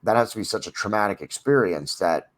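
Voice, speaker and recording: A man's voice: on the low side, expressive, brisk. A man hosting a casual podcast interview, asking rambling questions and cracking jokes. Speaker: podcast host.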